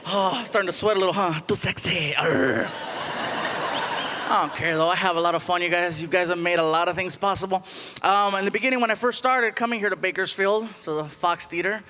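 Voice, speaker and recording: A man performing an animated stand-up comedy routine on a theater stage, slipping in loud put-on voices. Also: high-pitched, fast talker, in a large hall. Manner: animated, puts on loud shouty Spanish-speaking voices. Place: large theater stage with a live audience. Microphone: stage microphone. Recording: live theater show with loud crowd noise.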